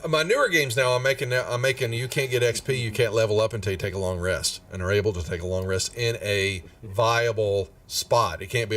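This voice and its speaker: A man's voice: fairly low pitch, fairly quick, fairly bright tone. A man running a tabletop game, folksy and drawling, chuckling often. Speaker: game master. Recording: a bit far from the mic, faint music behind.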